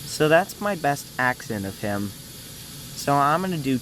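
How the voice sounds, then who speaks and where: A man's voice: on the high side, sing-song, a little slow, fairly bright tone, a little hiss or hum, low-quality recording. A young man hosting a casting call, talking casually in a rambling, hesitant way with many restarts. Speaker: video host running a casting call.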